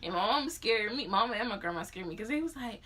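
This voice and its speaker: A young woman chats in a casual vlog, breaking in with quick side comments. Her voice is bright and clear, close to the mic. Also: fairly high pitch, expressive. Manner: chatty, jumps in with side comments. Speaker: vlog co-host. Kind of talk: casual chat.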